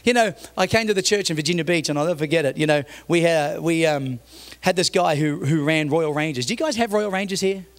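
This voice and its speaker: An Australian man preaches in a church, his voice pitched high with a gravelly edge. He tells humorous stories and builds to loud, emphatic points. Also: fast. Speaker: pastor. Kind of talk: sermon.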